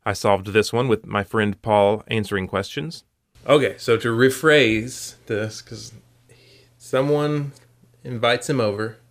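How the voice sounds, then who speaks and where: A man's voice: fairly low pitch, measured pace, no room sound. A man hosting a puzzle show, walking through solutions step by step with dry punning asides.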